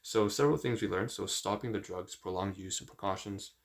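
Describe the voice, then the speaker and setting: A man on a casual live stream who reads a leaflet aloud haltingly, thinks aloud with frequent fillers and stumbles over long words. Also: low voice, vocal fry. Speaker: livestreamer.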